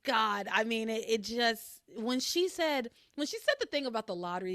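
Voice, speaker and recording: Podcast host, woman, lively swooping pitch, dry close sound, swears a lot. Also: moderate pace, few pauses, dry recording. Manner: animated, expressive, swears freely. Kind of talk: casual chat.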